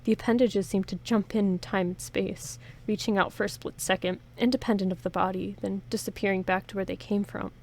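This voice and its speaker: A woman's voice: medium pitch, steady tone, fairly quick, few pauses. A woman reads an interactive story game aloud in first person, giving the narration a dramatic push. She stops now and then to chat and joke with her viewers before going back into the story. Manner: reads dramatically, breaks off for chatty, joking comments.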